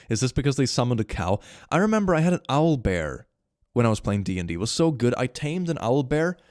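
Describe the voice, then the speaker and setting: A man's voice: mid-range voice, darkish tone, no room sound, clean studio sound. A young man streaming live, chatting casually and reading viewer messages aloud, laughing often, with a slight cold. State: slight cold, stuffy nose.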